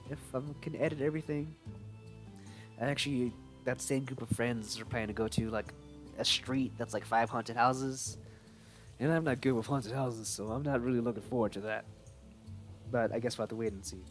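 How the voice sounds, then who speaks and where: A man's voice: mid-range voice, steady tone, moderate pace, soft background music. Rambling young man streaming a game. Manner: rambling, playful, reads game dialogue aloud. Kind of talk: casual live-stream gameplay chat.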